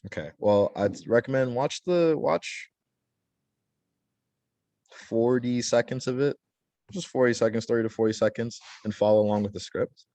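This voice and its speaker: A man's voice: lowish voice, warm tone, dry recording. A young man teaching an online class, casually explaining with many fillers and restarts.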